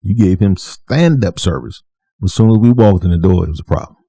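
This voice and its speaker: A man telling a personal story casually to the camera, animated and repeating himself for emphasis, acting out what others said. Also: deep voice, brisk, gravelly, husky, no echo. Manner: animated, acts out dialogue with shifting voices. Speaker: vlogger.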